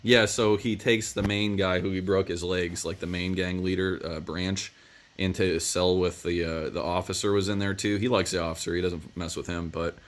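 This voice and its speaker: A man's voice: deep voice, steady tone, moderate pace, slight background noise. A man giving a casual movie review, rambling through the plot with lots of "uh" and "um". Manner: rambling plot retelling with many fillers.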